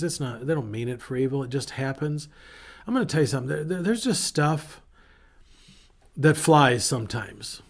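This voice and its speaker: Male pastor, mid-pitched, casual storytelling sermon with animated asides. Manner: conversational, animated storytelling with self-interruptions. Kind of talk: informal sermon.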